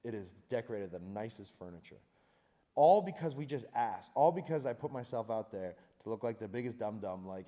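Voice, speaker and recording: A man in his thirties, a founder on a conference panel, telling stories in an energetic, self-mocking, emphatic way. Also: lowish voice, fairly quick. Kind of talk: animated panel storytelling. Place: conference hall. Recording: reverberant hall.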